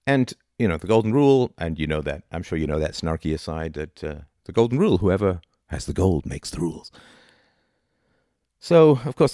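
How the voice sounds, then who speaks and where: Deep-voiced man arguing philosophy. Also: sing-song, fairly quick, mellow, no echo, clean studio sound. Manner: argumentative, rhetorical, many "right?" asides. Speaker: philosophy lecturer. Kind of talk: informal philosophy talk.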